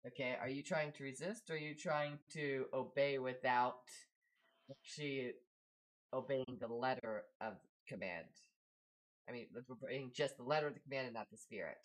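A woman running a tabletop game on stream as game master, relaxed and chatty with her players. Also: a bass voice, normal speed, poor audio.

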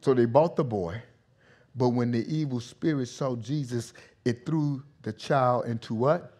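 A male pastor preaching a sermon in a vernacular style, swinging from hushed, intimate passages to loud shouting. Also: mid-range voice, measured pace.

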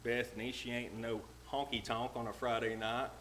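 A man's voice: mid-range voice, little pitch movement, a crowd in the background, low-quality recording. Folksy preacher man. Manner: plain-spoken and homespun, reads King James verses slowly. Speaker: lay preacher. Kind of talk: folksy sermon with scripture reading. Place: church sanctuary.

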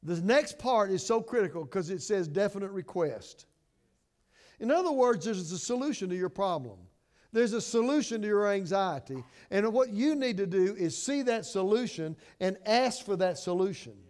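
A middle-aged man pastor preaching a sermon with passion, moving between hushed and emphatic and often restarting words. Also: sits high, animated, moderate pace.

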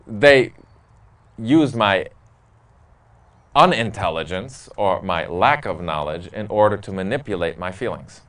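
A priest chats with a parish group, answering questions candidly and with plenty of humor, laughing at his own stories. His fairly low, slightly bright voice moves at a measured pace with lively intonation, and the mic is distant.

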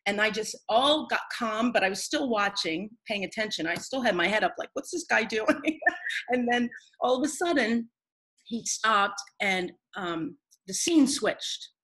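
Breathy woman telling a rambling story. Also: fairly high pitch, lively intonation, a little slow, a bit bright, low-quality recording. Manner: rambling, earnest, with many restarts. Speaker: guest. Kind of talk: personal storytelling in conversation.

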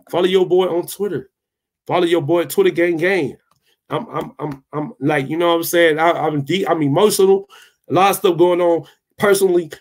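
A young man with a fairly high voice vents at his viewers in a loose, heated rant. He hammers the same lines again and again and swears without a second thought. He stops now and then to answer his live chat. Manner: fired up, repetitive, swears freely. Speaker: tech channel host.

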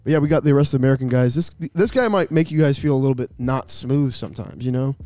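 Young guy, goofball energy, mid-pitched, swears freely, casual guest. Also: quick pace, mellow, no room sound, faint music behind. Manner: goofy, joking, swears. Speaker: guest soccer player. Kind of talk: casual chat.

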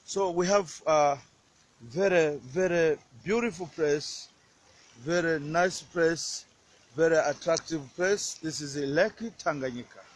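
Man, slow, repetitive language teacher, many fillers, outdoors by a lake. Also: a little high, a little hiss or hum. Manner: repetitive, hesitant, with many fillers and repeated words. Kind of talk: casual outdoor language lesson.

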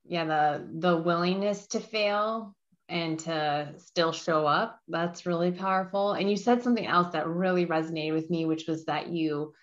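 Podcast co-host, woman, low-ish voice, affirming and reflective, muffled lo-fi audio. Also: measured pace. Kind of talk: casual interview chat. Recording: dull lo-fi sound.

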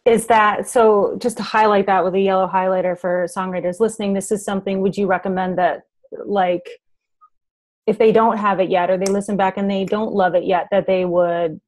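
A woman's voice: mid-range voice, fairly even intonation, brisk, a little mellow. Encouraging woman podcast host. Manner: encouraging, thinks aloud with fillers. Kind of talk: casual interview chat.

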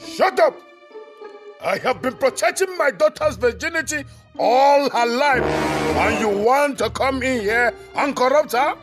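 A woman's voice: high voice, lively intonation, a little slow. A woman playing a stern, protective rich father. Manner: stern, commanding. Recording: music playing behind.

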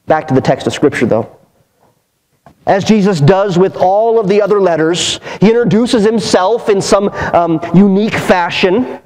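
In a church sanctuary, a male pastor with a high-sitting, darkish voice preaches a sermon on a low-quality recording. He's earnest and emphatic, building his points through repeated phrases.

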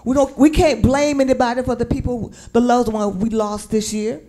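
Her voice fairly high and mellow, with fairly even intonation at a normal speed, a Southern American woman preaches in a church sanctuary. She weaves sung lyrics into the sermon and draws call-and-response from the congregation.

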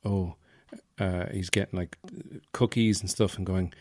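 A man's voice: low-pitched, flat delivery, a little slow, no room sound, clean studio sound. An Irish man hosting a podcast, telling stories in a rambling, wry, self-mocking comic monologue. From Ireland, Offaly. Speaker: podcast host.

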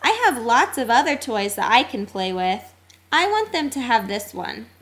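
A woman voicing a small, excitable male dog in a storybook read-aloud, eager and excited. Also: fairly high pitch, normal speed.

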